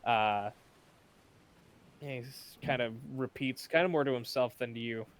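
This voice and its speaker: A man narrating as game master of a tabletop game, relaxed and easy to laugh. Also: medium pitch, unhurried. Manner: relaxed, laughs easily, calls for dice checks.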